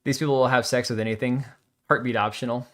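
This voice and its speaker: A fast-talking man with a steady, fairly bright medium-pitched voice hosts a casual livestream. He reads viewers' comments aloud and answers them offhandedly with blunt, sarcastic asides, nothing scripted.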